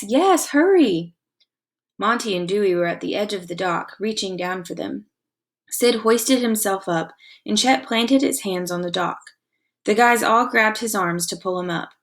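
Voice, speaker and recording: A woman teacher reads a chapter book aloud to her class, her delivery expressive and full of suspense. She stops now and then to ask the children questions about the story. Her voice sits at an ordinary pitch for a woman. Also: moderate pace. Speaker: elementary school teacher. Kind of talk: reading a novel aloud to a class.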